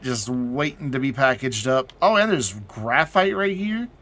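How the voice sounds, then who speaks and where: A man's voice: mid-range voice, expressive, measured pace, a bit bright. A man casually chatting to his viewers while playing a game on a live stream, sounding tired and yawning. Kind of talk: casual live gameplay chat.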